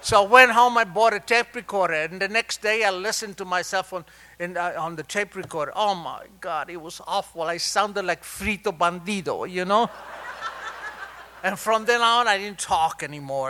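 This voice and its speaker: An older man with an Argentine Spanish accent shares his life story at a recovery meeting. His voice sits high and bright. He confides with animated, wry humor. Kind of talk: personal storytelling talk.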